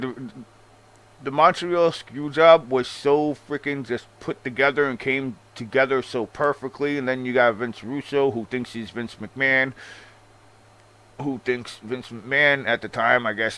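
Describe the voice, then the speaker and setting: With a mid-range voice and a sharp tone, a man rants casually in the role of a wrestling show host, sarcastic and swearing constantly while calling the listener "bro."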